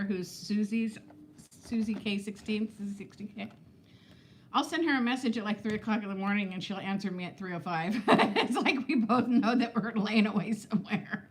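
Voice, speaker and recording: A woman's voice: medium pitch, moderate pace, a little hiss or hum. Chatty woman in her fifties, laughing often. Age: 50s. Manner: chatty, laughs often, reads viewer comments aloud. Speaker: vlog host reading live chat. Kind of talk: casual live-stream chat. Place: home, indoors.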